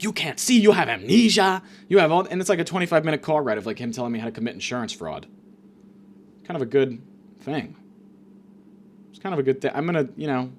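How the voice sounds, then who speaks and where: A man's voice: medium pitch, a little hiss or hum. A man hosting a comedic monologue, ranting in a rambling, profane way, full of fillers and restarts. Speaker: comedian host.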